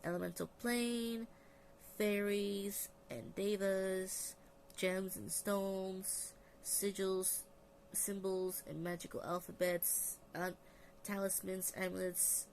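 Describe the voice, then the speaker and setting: A woman's voice: medium pitch, steady tone, unhurried, vocal fry, a little mellow, slight background noise. A tired woman vlogger chatting casually about books, rambling with restarts and reading out long lists. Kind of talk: casual book review. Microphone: phone.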